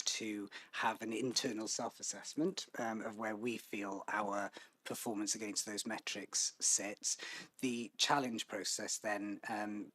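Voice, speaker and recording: A man answering a councillor's question in a formal council committee meeting, measured and hesitant with many pauses and restarts. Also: lowish voice, fairly bright tone, dry recording, rough recording.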